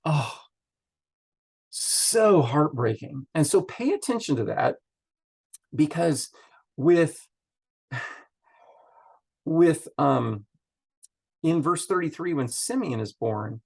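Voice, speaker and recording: A man's voice: fairly high pitch, animated, takes it slowly, vocal fry, pauses often, a little mellow, slightly rough. A man leading a Bible study, chatting through the text in a loose, thinking-aloud way with many fillers. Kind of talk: casual Bible teaching.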